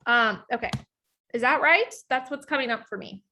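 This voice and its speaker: Bright high-voiced chatty woman trainer. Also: normal speed. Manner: energetic, chatty, many fillers and restarts. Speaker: network marketing trainer. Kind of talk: live online training session.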